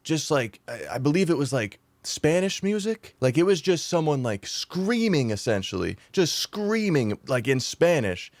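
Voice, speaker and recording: A young man telling a rambling, animated storytime vlog, laughing at himself and swearing freely. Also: fairly high pitch, normal speed, few pauses, no room sound. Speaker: YouTuber.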